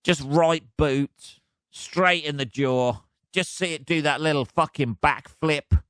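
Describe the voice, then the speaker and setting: A man's voice: on the high side, takes it slowly, a bit bright, smooth, dry recording, studio quality. Sweary man ranting on a podcast. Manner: sweary, exasperated, laughs at himself. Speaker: podcast host. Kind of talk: casual solo rant.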